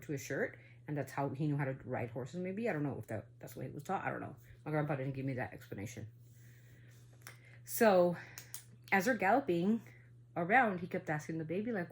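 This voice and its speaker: Low-voiced woman telling a rambling tale. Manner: rambling, full of asides and "right?"; drops to a hushed, low tone for the eerie parts. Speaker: family storyteller. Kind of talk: casual spoken storytelling.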